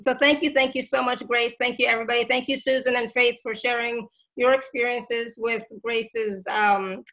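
A woman's voice: fairly high pitch, sharp tone, rough recording. A woman hosting a casual online show, effusive and grateful, laughing often as she talks. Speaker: host. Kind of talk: casual chat.

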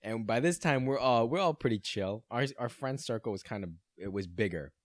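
A clean studio recording with no room sound captures a mid-range male voice. The young man, in his twenties, co-hosts a casual podcast, rapidly telling stories while laughing and swearing.

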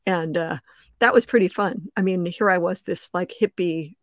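An older woman, a podcast guest, telling lively stories and laughing often. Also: fairly low pitch, normal speed, dry recording, clean studio sound. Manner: laughs often, animated storyteller. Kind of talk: casual interview chat.

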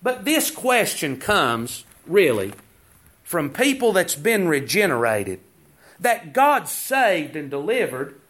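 A man's voice: on the high side, big pitch swings, takes it slowly, a bit bright. A man preaching a sermon, asking rhetorical questions and reading scripture.

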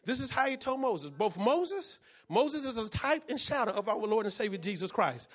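A man preaching a sermon as pastor, often shouting and repeating phrases, calling out to the congregation for responses. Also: sits high, sing-song, normal speed.

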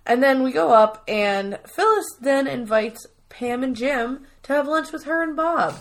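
A woman's voice: sits high, lively intonation, measured pace. A woman co-hosting a casual podcast, chattily retelling a TV episode and acting out lines from it. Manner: chatty storytelling, acts out quotes in voices. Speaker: podcast co-host recapping a TV episode. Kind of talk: casual chat.

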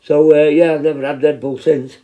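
A man's voice: fairly high pitch, flat delivery, a little fast, narrow, tinny audio. Sweary man in his fifties. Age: 50s. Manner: rambling and sweary, with many restarts. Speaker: prison healthcare worker telling stories. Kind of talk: casual storytelling.

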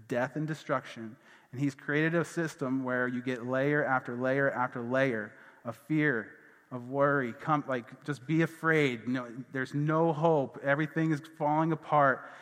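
A man's voice: medium pitch, fairly bright tone. A man preaching a sermon as pastor, telling personal stories in a loose, conversational way full of fillers and asides. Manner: casual storytelling with fillers and asides. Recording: long hall reverb.

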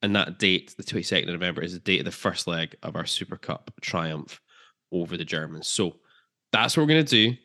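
A man's voice: low-pitched, brisk, bright, forceful tone. A man co-hosting a football podcast, chatting casually and jokily with filler ums. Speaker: podcast co-host.

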